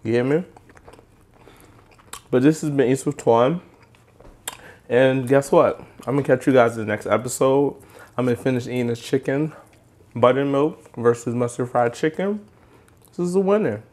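A cooking channel host tastes food in his kitchen for a casual home cooking vlog, chatty and enthusiastic as he speaks straight to his viewers. His mid-range voice has a darkish tone, moving at normal speed with long pauses. He's recorded on a handheld microphone.

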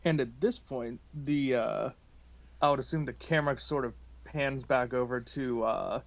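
A man plays his character in a tabletop game, talking casually with a few hesitations. His voice sits mid-pitch and plain. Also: unhurried, gravelly. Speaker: player. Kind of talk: tabletop role-play.

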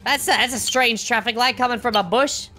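A woman giving excited, slangy reaction commentary on an animated clip, exclaiming dramatically as events unfold. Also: a little high, brisk. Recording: music playing behind the voice.

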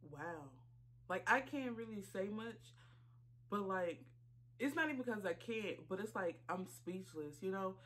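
A woman reaction vlogger, talking casually while choked up and tearful, halting with many fillers and apologies. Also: medium pitch, animated, fairly bright tone. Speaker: YouTube reaction channel host. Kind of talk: casual reaction vlog talk.

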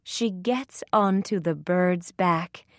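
A woman reading a children's story aloud in simple, clear sentences. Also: fairly low pitch, slow pace, no echo, studio quality.

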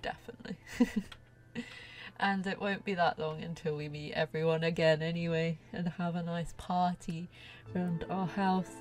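A woman's voice: on the low side, flat delivery, normal speed, faint music behind. A woman chatting casually through a gameplay session as a let's play host, laughing often and now and then dropping to a near whisper.

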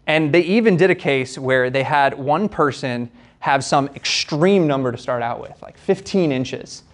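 A man's voice: mid-range voice, measured pace. A young man giving a casual university lecture in a conversational, hedging way, checking in with frequent tag questions.

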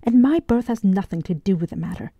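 A woman's voice: mid-range voice, expressive, fast talker, dark tone, no room sound. A woman reading the lines of a proud young male French officer in an audiobook, sounding earnest and defensive.

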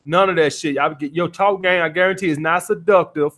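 A man's voice: a little high, fairly even intonation, brisk, fairly bright tone. A man coaching callers on dating, lecturing bluntly and cursing freely. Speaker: dating coach taking calls. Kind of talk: call-in advice show.

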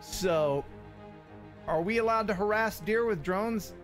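A man's voice: high voice, slow, faint music behind. Joking man hosting a live stream. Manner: joking, teasing, laughs often. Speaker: host of a live drone stream. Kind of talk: casual chat.

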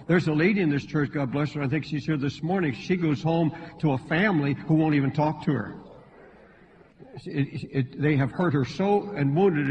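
A man preaches to his congregation in a high, ringing voice. His voice jumps sharply up in pitch and force whenever he voices pleading believers. The recording is dull and lo-fi, with a long reverb from a large sanctuary. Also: a little mellow, slight background noise. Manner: preaching with sudden rises in pitch and volume, voicing pleading congregants. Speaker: pastor. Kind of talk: sermon. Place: church sanctuary.

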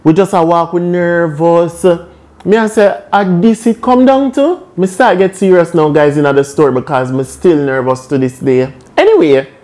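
A young man with a Jamaican accent tells a funny story from his own life in lively patois. He is animated and quick to laugh, acting out every turn of the story. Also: a little high. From Caribbean. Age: young adult. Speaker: vlogger. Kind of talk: comic storytime.

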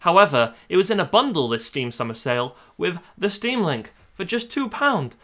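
A man's voice: high voice, sing-song, moderate pace, sharp tone. A young British man doing a sarcastic, swearing tech review vlog at home. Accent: British English. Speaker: YouTuber. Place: home, in front of a TV.

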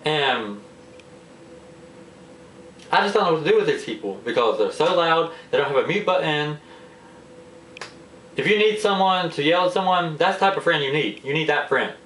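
A man with a slightly high voice, talking in a casual, exasperated rant straight to the camera. He sounds a little away from the mic, and the room around him is echoey. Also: normal speed, pauses often, recorded from a distance, slight background noise. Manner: exasperated, animated complaining. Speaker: vlogger. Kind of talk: casual ranting monologue. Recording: roomy echo, a bit off-mic.

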